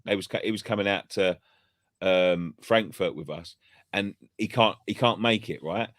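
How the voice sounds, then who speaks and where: A man's voice: low-pitched, normal speed, a bit bright, no echo, clean studio sound. A man chatting casually on a fan channel, telling sweary, rambling stories full of restarts. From England. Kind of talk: casual pub chat.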